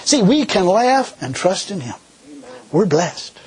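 A middle-aged man preaching a sermon in a folksy, animated way, laughing often. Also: high voice, takes it slowly, husky, poor audio.

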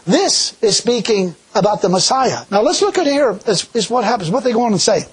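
Man preaching, raspy voice, high and swooping pitch, drawl, folksy sermon. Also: brisk. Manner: animated, folksy preaching with rhetorical questions.

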